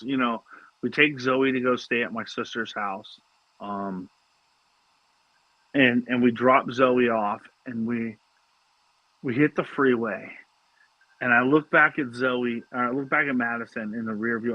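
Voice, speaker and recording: A middle-aged man tells stories in a bright, forceful voice, tripping over his words and swearing freely. The sound is dry and a bit dull, like a lo-fi recording. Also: mid-range voice, measured pace, no room sound. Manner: swears a lot, animated storytelling with stammered restarts. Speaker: podcast co-host. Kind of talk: casual chat.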